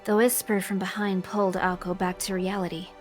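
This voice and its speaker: A woman narrates a game story on a live stream, reading in a steady, expressive way. Her pitch sits in the middle for a woman, and faint music plays behind her. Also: a little fast. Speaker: narrator reading a visual novel. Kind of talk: dramatic narration read aloud.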